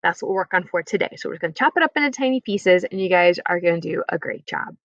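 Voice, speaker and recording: A woman's voice: on the low side, lively intonation, fast, no echo. A woman teaching an online French lesson, patient and encouraging as she breaks each point into small steps. Her voice is dry and close, with nothing around it, and the recording sounds dull and lo-fi. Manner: patient, encouraging, explains step by step.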